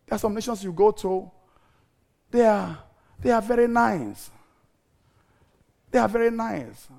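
A man's voice: sits high, expressive, measured pace, creaky, darkish tone. A middle-aged man preaching a sermon who tells a comic story, acts out his own anger and laughs as he goes. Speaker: pastor.

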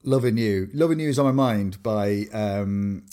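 A young English man, co-hosting a podcast, telling animated stories in casual chat with many restarts. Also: lowish voice, a little slow. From England. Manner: animated storyteller, lots of fillers and restarts. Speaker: podcast co-host.

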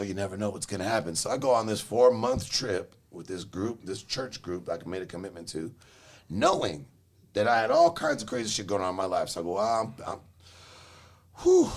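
A man's voice: lowish voice, gravelly. A young man from Los Angeles telling his life story in casual chat, rambling and swearing, with frequent laughs. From Los Angeles, Southern California. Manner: profane, rambling, laughs often.

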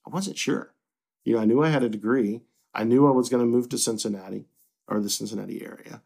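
Talking fast in a creaky, mid-range voice, this Kentucky man is a middle-aged newspaper publisher being interviewed casually. He comes across as relaxed and reflective, often restarting sentences and filling gaps with fillers.

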